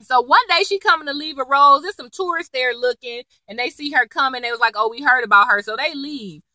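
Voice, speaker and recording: A young woman with a high, very bright voice chats through a TV episode recap. She is slangy and animated and acts out the characters' lines, and her pitch swings all over. The sound is dry and close. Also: brisk, no room sound, rough recording. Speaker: TV episode reviewer. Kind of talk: casual chatty recap.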